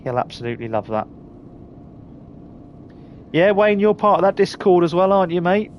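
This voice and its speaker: A middle-aged Englishman with a Surrey accent chats casually with viewers while live-streaming a game, reading their names aloud and laughing often. His high voice swings widely in pitch at a moderate pace, and the lo-fi recording carries slight background noise.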